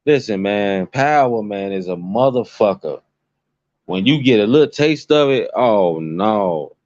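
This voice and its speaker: A man rants to his channel in a low, dull-toned voice, swearing constantly and circling back to the same points with emphatic repetition. The lo-fi recording is flat and dry, with no room sound. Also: measured pace, dry recording. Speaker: commentary vlogger. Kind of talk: profane rambling commentary.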